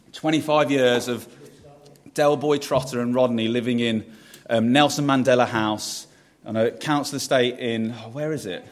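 Man, pastor preaching, mid-pitched voice, chatty sermon, asks the room questions. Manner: conversational, asks the congregation questions, restarts phrases.

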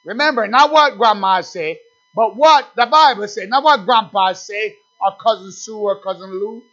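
A male pastor preaching a sermon, swinging between loud shouted declarations and low murmured asides. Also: moderate pace, muffled recording.

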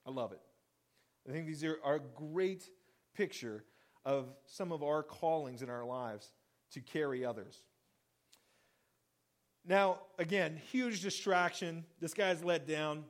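A male pastor preaches in a lively storytelling manner, acting out the quoted lines of the people in his story. His voice sits high for a man, and he chuckles now and then as he talks. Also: moderate pace. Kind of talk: sermon.

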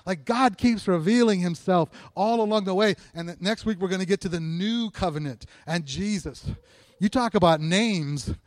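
High-voiced preacher, dry sound. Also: male voice, moderate pace, dry recording. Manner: conversational preaching, asks the congregation questions, chuckles often. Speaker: pastor. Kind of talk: sermon. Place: church sanctuary.

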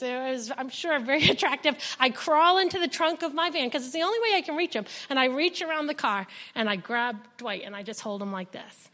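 Woman with a high voice giving an emotional, animated church testimony. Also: big-room sound. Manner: animated storytelling, acting out quoted dialogue. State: emotional, near tears. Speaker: foster mother sharing a testimony. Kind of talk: personal testimony told to a congregation. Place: church service.

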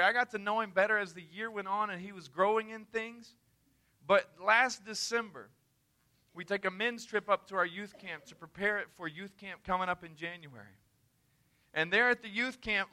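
A man's voice: high voice, bright, forceful tone, clear, resonant tone. A man preaching a missions sermon, telling a story in an earnest, emphatic, conversational way.

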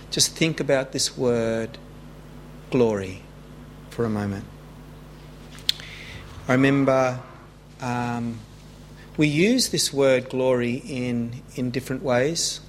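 A man preaching a sermon in an earnest way, rising in pitch when he stresses a point. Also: a little hiss or hum. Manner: earnest, rising with emphasis, slow deliberate preaching. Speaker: pastor.

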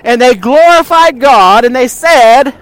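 A man's voice: very high-pitched, animated, unhurried, a bit bright, clean tone, no room sound. A male pastor preaching a sermon, speaking directly to the congregation and retelling scripture with rhetorical questions.

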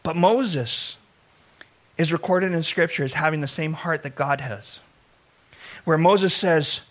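Bright, high-voiced male preacher. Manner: earnest preaching, slows for emphasis, acts out biblical dialogue. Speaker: pastor. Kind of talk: sermon.

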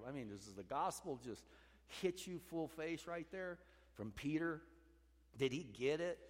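A male pastor preaching a sermon, swinging between loud urging and hushed, low passages. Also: lively intonation, a little slow, in a large hall.

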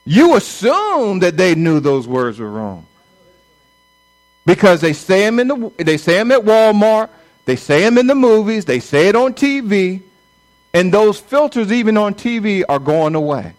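A man's voice: high voice, big pitch swings, measured pace, a little mellow, rough recording. A middle-aged man, a pastor, preaching a conversational sermon and acting out quoted voices.

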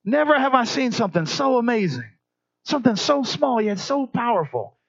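High-voiced pastor preaching. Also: male voice, moderate pace, lo-fi sound. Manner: animated storytelling, acts out voices. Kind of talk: sermon.

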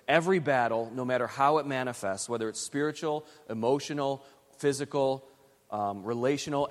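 A man preaching a sermon as pastor, reading scripture dramatically with joking asides to the congregation. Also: mid-range voice. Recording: long hall reverb.

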